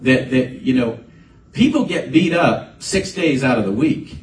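A man's voice: mid-range voice, lively intonation, a little slow. A man preaching a conversational sermon as a pastor, building to emphatic bursts. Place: church sanctuary. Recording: echoey room, voice from a distance, faint ambience.

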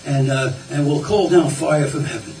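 A man's voice: on the high side, normal speed, a little mellow, a little hiss or hum, natural voice. A man voicing a bold old male prophet, folksy and challenging, in a sermon retelling. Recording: roomy, distant, faint ambience.

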